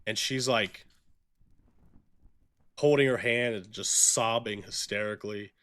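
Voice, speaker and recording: A man's voice: lowish voice, fairly even intonation, unhurried, fairly bright tone, no room sound. Young man narrating as game master. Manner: casual, profane, vivid narration.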